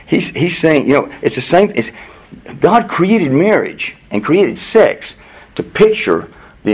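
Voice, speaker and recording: A man's voice: fairly high pitch, darkish tone, slightly rough, low-quality recording. A man preaching a sermon as pastor, earnest and explanatory, often restarting his sentences.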